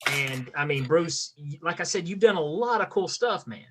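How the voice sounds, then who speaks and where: A man's voice: fairly high pitch, expressive, moderate pace, background noise. A man hosting a casual podcast interview, talking hesitantly with many restarts and fillers. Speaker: podcast host.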